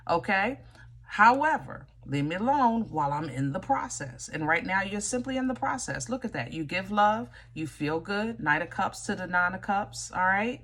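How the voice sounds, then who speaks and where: A woman's voice: medium pitch, fairly bright tone. A woman giving a casual tarot reading to viewers, chatty and direct, often teasing with "you know?" and "okay?". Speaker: tarot reader.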